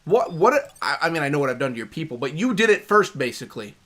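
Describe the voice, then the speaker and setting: A young man streaming a video game, chatting casually and rambling between sudden excited outbursts. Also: mid-range voice, rapid-fire. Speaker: gaming streamer. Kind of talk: casual let's-play commentary.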